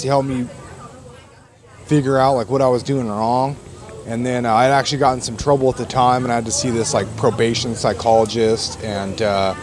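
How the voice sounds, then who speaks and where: A man as a podcast guest, telling stories in a casual, profane, rambling way with lots of fillers. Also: mid-range voice. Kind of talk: casual storytelling.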